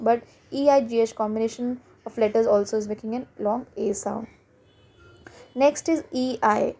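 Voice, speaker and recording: Woman patiently teaching phonics. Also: fairly high pitch. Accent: Indian English. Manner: explains step by step, repeats example words slowly with hesitant fillers. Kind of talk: online lesson explaining spelling sounds.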